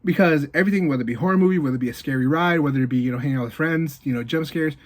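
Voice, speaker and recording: A man giving a casual movie review, retelling the plot in an animated way with lots of fillers and quick asides. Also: fairly high pitch.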